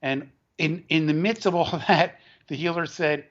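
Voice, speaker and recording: A man, an author and educator, tells a long story as an interview guest, halting often and restarting his words. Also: on the high side, fairly even intonation, fairly bright tone. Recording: dull lo-fi recording.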